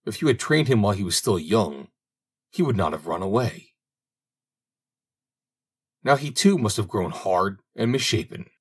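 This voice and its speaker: Cunning young master thief, cool and self-assured, read by a man; low, husky, varied pitch. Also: animated, moderate pace, pauses often. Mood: probing. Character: grown son, a proud cunning master thief. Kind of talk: audiobook reading.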